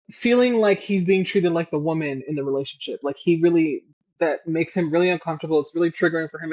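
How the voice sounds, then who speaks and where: Profane, animated woman podcast cohost. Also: low-pitched, muffled recording. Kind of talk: casual chat recapping a book.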